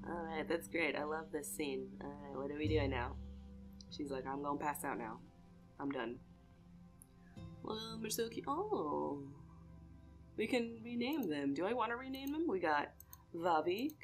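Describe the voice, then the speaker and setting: Gaming creator, woman, lowish voice, excitable chatty commentary, game music clearly under her. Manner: chatty, excitable, coos at cute animals. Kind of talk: casual let's-play commentary. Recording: game music playing behind.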